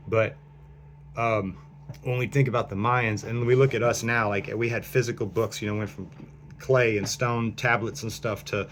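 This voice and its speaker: A man's voice: lowish voice, a bit bright, a little hiss or hum. A man vlogging into his phone in a rambling, speculative monologue, meandering through fillers and restarts.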